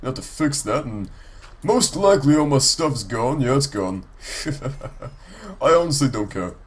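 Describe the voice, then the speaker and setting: A man's voice: medium pitch, animated, normal speed, husky. Congested, nasal man rambling over gameplay. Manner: rambling, with many ums and restarts. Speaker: let's play creator. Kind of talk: casual gameplay commentary.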